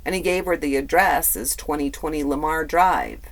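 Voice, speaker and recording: A man's voice: a little high, fairly even intonation, moderate pace, a bit bright. A man hosting a true crime podcast, telling the story in a casual, conversational way with blunt, profane asides and lots of fillers. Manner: filler-heavy, repeats words.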